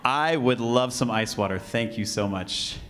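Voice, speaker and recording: A man's voice: mid-range voice, unhurried, fairly bright tone, natural voice. A man voicing a polite, indecisive male anteater in a bar joke told to a live audience, with an eager, chatty manner.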